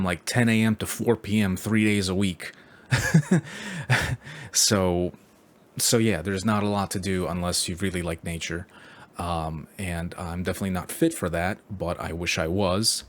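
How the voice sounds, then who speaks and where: Man with a low voice, rambling vlog chat. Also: fairly even intonation, a little slow, pauses often. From New York City. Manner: rambling, many fillers, wry and crude. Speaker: vlogger.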